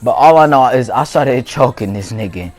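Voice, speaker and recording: A man's voice: medium pitch, expressive, normal speed, faint music behind. A young man hosting a gaming channel, telling a story casually in slangy speech and laughing as he goes. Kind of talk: casual storytelling over gameplay.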